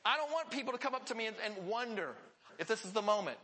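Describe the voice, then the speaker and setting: A man preaching a sermon to his church, telling stories with earnest, animated delivery. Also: high-pitched, quick pace, big-room sound, a little hiss or hum. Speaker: pastor.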